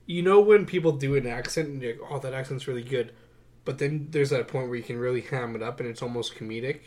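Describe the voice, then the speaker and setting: A young man co-hosting a podcast, chatting casually about movies with a wry, sarcastic, animated delivery. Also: medium pitch, quick pace. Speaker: podcast co-host. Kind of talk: casual movie-review chat.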